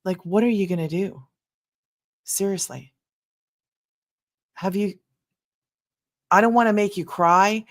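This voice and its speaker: A woman's voice: mid-range voice, takes it slowly, pauses often. A middle-aged woman hosting a casual motivational livestream, emphatic and repetitive, acting out what others say. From United States. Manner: emphatic, repeats herself, acts out quoted voices. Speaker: livestream host.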